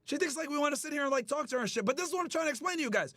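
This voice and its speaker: Man, very high voice, angry profane rant, mocking, dry close mic. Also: lively intonation, rapid-fire, bright, forceful tone, no echo. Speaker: streamer host. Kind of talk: angry ranting commentary.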